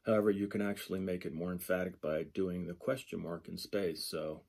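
Male instructor, low mellow voice, unhurried, thinks aloud through textbook examples. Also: fairly even intonation, vocal fry. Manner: slow, thinking aloud, repeats example glosses. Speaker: sign language instructor. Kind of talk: lecture walking through a textbook.

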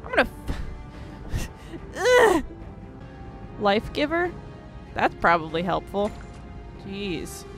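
A young woman giving gameplay commentary at a desk microphone, swearing constantly and breaking into angry shouted outbursts. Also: medium pitch, wildly swooping pitch, slow pace, long pauses, music in the background. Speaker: let's play host.

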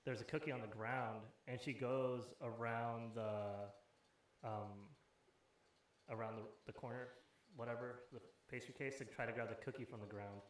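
A man's voice: mid-range voice, normal speed. A young man hosting a casual podcast with friends, telling profane stories and acting out the people in them. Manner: profane, animated storyteller acting out other people. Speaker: podcast host. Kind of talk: casual chat among friends. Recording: echoey room.

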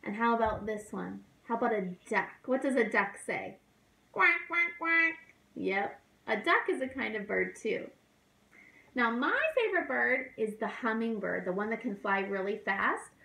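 A woman who is a children's librarian, leading a toddler storytime in a gentle, encouraging, sing-song teacher voice. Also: fairly high pitch, animated, moderate pace, gravelly. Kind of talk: speaking slowly and simply to toddlers. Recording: roomy echo.

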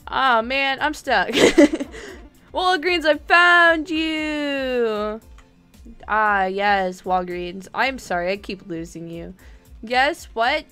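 A woman livestreaming a game, chatting to friends in the game in an excitable, giggly way, often shouting their names and apologizing. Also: mid-range voice, slow pace, clear, resonant tone, soft background music. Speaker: gaming livestreamer. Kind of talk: live gameplay chatter.

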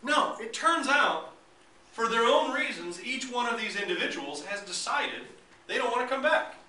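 A male history lecturer talks to an audience in an echoey hall, his voice high, bright and sharp. He swings widely in pitch and mimics the people he describes for laughs. The mic is some distance away, with faint room noise behind him. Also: normal speed. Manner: animated, joking, acts out voices of both sides. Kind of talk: public lecture.

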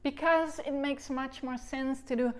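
A woman's voice: high voice, fairly even intonation, a little slow. A woman recorder teacher giving a video lesson, explaining articulation patiently and singing the tonguing syllables aloud to demonstrate.

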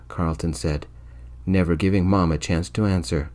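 A man narrating a story in the first person, quietly and evenly, in soft-spoken ASMR storytelling. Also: low-pitched, measured pace.

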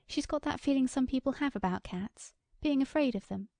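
A woman's voice: high-pitched, fairly quick, gravelly, a little mellow, no room sound, voice pushed up. A woman voicing a timid, hesitant sheriff's wife with a thin, indecisive voice in an audiobook. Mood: anxious.

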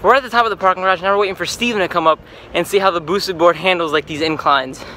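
A man's voice: sits high, quick pace, sharp tone. A young man vlogging outdoors at night on a street and a parking garage roof, joking with a friend and laughing often, recorded on a handheld camera mic with passing cars around him. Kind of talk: casual vlog chat. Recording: noisy outdoor camera audio. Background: street noise, passing cars.

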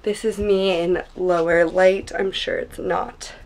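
A young woman chatting casually in a home vlog, bubbly and excitable, rambling with many fillers. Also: fairly low pitch, slow, gravelly, low-quality recording. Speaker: vlogger.

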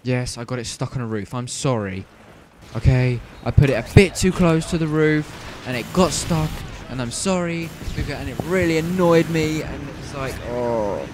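A man's voice: mid-range voice, moderate pace, background noise. Rambling, apologetic gamer man. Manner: rambling, apologetic, stumbling over words. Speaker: gameplay commentator. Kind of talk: video game commentary.

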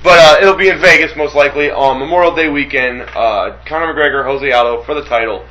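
Excitable profane man talking sports. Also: a little high, dull audio. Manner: profane, excitable, rapid-fire. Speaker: podcast co-host. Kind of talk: casual sports chat. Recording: internet radio show.

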